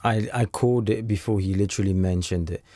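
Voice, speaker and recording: A man casually commenting on an interview clip with blunt, animated asides. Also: on the low side, quick pace, no echo, clean studio sound. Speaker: commentary channel host.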